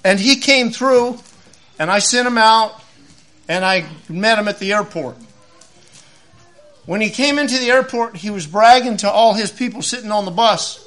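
A man's voice: high voice, fast. A middle-aged man preaching a sermon, telling stories and acting out the voices of the people in them. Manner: animated, acts out voices in his stories. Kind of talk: sermon with storytelling.

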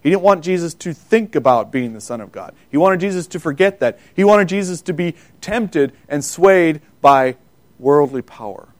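A man's voice: fairly high pitch, animated. Emphatic man preaching a sermon. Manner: emphatic, rising for quoted scripture; pauses and self-corrects, loses place in notes.

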